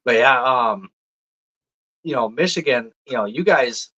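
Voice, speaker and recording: A man with a Minnesota accent tells stories in a lively, laughing way with easy cursing. His voice sits at an ordinary middle pitch. The audio is dull and lo-fi. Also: a little slow, breathy edge. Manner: animated, laughing, swears casually. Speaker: podcast guest, deer hunter. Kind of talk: casual storytelling chat.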